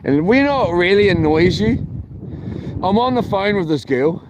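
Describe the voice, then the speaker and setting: A man rambles through a casual camping-vlog story, often stopping and restarting his sentences. His voice sits a little high for a man. Faint outdoor noise runs underneath. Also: expressive, measured pace. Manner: chatty, meandering, frequent ums and restarts. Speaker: vlogger. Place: camping, near a boat on water.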